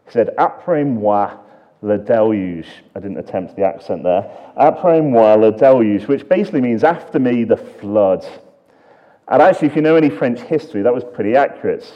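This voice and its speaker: A man preaching a sermon, earnest and full of rhetorical questions, swinging between emphatic lines and hushed ones. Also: lowish voice, animated, brisk, muffled recording.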